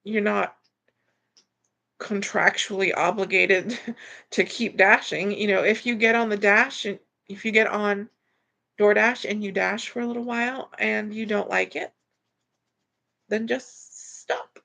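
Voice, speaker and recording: A woman's voice: mid-range voice, steady tone, measured pace, creaky, pauses often, bright, forceful tone. A woman hosting a casual livestream, reading viewer comments and rambling through answers with frequent restarts. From Florida, US. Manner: rambling, repeats words when restarting. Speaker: livestream host reading chat. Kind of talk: casual live chat.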